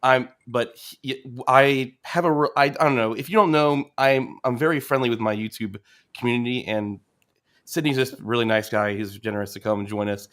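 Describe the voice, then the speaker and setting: A man's voice: mid-range voice, fairly quick, fairly bright tone. A man from South Florida co-hosting a livestream, friendly and a little self-deprecating. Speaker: livestream co-host. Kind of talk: casual livestream chat.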